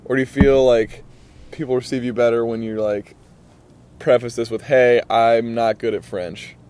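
A young man hosting a casual podcast, speaking in a middle-range voice. His talk is relaxed and loose, with restarts and "man" tossed in at the ends of his sentences. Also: medium pitch, normal speed, clean tone. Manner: laid-back, rambling, says "man" a lot. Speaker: podcast host.

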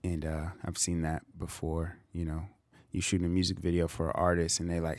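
Low-voiced, relaxed podcast co-host. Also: male voice, brisk, no echo, studio quality. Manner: relaxed, many fillers and agreeing murmurs. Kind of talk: casual chat.

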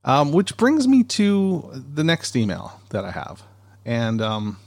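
A man's voice: mid-range voice, wildly swooping pitch, takes it slowly, a little mellow. A man hosting a podcast in a casual, rambling way, with lots of ums and self-corrections, reading listener emails into a dynamic studio mic. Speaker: podcast host. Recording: home podcast recording.

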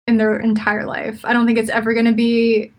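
A woman's voice: a little high, monotone, fairly quick, a little mellow. A young woman in casual chat, chatty and opinionated, laughing often as she talks.

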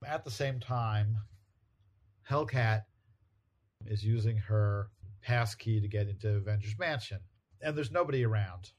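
A man with a fairly low voice retells a comic book story in a relaxed, chatty way. He is a podcast co-host who now and then slips into quick character voices for quoted lines. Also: muffled recording. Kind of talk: casual chat recapping a comic.

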